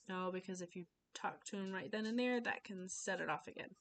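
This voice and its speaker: A woman's voice: mid-range voice, steady tone, fast talker, hardly any pauses, a little hiss or hum. Casual woman speaking with many fillers. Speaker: student giving a class speech. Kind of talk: informal informative speech. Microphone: webcam.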